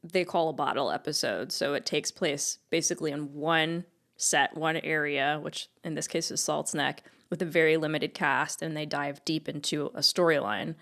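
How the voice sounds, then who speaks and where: A woman's voice: deep voice, fairly even intonation, normal speed, a bit bright. A woman co-hosting a casual podcast, recapping plot in an upbeat way and laughing often. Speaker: podcast co-host.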